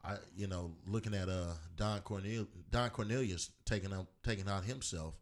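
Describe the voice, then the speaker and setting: Low-voiced male co-host, rambling and halting. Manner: rambling with many fillers and restarts. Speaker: podcast co-host. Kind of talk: casual chat.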